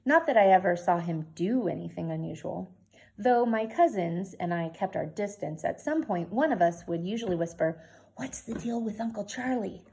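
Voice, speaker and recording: A teacher reading a novel aloud to her class with clear, expressive storytelling. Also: on the low side, normal speed.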